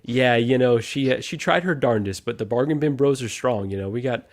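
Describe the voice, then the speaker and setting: Male stream host, casual and friendly, mid-pitched, running through viewer shout-outs. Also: fairly quick. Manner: upbeat, greeting viewers one by one. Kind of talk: casual live stream chat.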